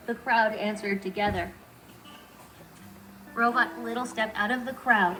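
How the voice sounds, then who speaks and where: A robot companion's synthetic woman's voice reads children's stories in a clear, even and friendly way. It sits a little higher than usual. Guitar music plays steadily underneath. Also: measured pace, long pauses, low-quality recording. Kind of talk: children's story narration.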